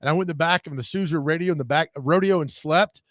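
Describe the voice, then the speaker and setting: Male radio host, slightly high, rambling and jokey, dry booth. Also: fast, fairly bright tone, no room sound. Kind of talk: casual sports radio chat.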